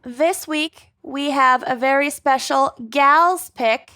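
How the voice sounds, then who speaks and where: A woman co-hosting a podcast, chatting casually and explaining things at length in an animated way. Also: high-pitched, slow pace. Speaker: podcast co-host.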